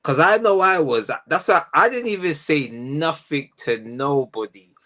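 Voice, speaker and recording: A man's voice: a little high, animated, measured pace, sharp tone, lo-fi sound. A man giving his view on football in a casual podcast chat, thoughtful and repeating phrases for emphasis. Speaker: podcast panelist.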